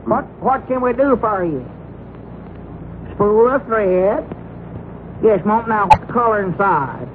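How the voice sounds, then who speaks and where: A high, excitable country storekeeper. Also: male voice, slow, pauses often, a little hiss or hum. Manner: excitable, teasing, jumps up in pitch. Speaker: general store keeper. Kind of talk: 1940s radio comedy acting. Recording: muffled old radio broadcast recording.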